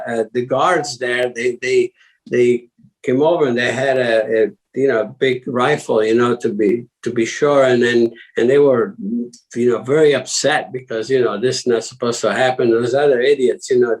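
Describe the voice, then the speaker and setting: An older man speaks as a podcast guest, from Italy originally. He rambles through his stories with many fillers, restarts and small chuckles, and his voice sits at an ordinary mid pitch. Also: a little mellow, low-quality recording. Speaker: guest, former racing driver. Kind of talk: casual interview talk.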